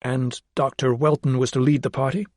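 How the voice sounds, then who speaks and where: An earnest, probing young doctor, as a male narrator voices him. His questions are polite yet persistent, in a fairly plain middle-pitched voice. The sound is dry and close-miked. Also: little pitch movement, moderate pace, dry recording, close to an everyday voice. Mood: careful. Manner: polite, quietly insistent questioning.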